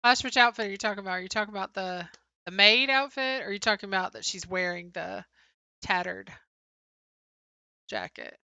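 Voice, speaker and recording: Young woman, stream co-host, bright, close dry sound, casual chat-reading, lots of "um". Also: mid-range voice, fairly quick, gravelly, long pauses, dry recording, dull audio. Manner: chatty, answers chat names, frequent "um" fillers. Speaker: livestream co-host. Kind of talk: casual livestream chat, reading viewer comments.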